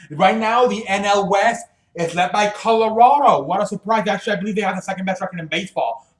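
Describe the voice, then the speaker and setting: A young man hosting his own sports video, rambling casually with many fillers, restarts and casual swearing. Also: high-pitched. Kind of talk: casual solo sports talk. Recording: echoey room.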